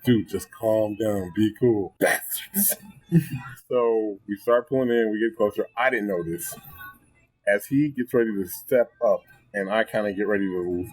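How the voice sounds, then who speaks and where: A man telling a funny story in casual chat, animated and laughing often, his voice jumping high when excited. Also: rough recording. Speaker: podcast guest. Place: restaurant table.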